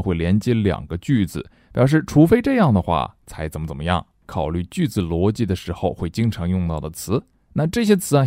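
Middle-aged male teacher, playful and animated; low, mellow voice, dry recording. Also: no echo. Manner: playful, animated explaining with jokes about himself. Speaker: English teacher. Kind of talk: friendly audio lesson with storytelling.

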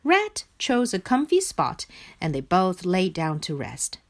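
A woman reading a children's picture book aloud in a slow, clear and expressive way. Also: fairly low pitch. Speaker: storybook reader.

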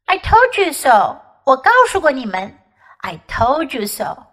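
High-voiced woman teaching English to kids. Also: big pitch swings, a little slow, fairly bright tone, low-quality recording. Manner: clear, patient, repeats phrases for learners. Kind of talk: bilingual storybook reading and lesson.

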